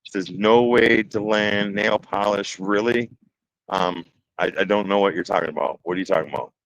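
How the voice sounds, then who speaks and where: Speaking at normal speed with fairly even intonation, a man from around Detroit, Michigan, has a lowish, slightly bright voice. He jokes through a casual woodworking livestream, reads the chat aloud and blurts out his nerves as he goes, on a dry, dull recording.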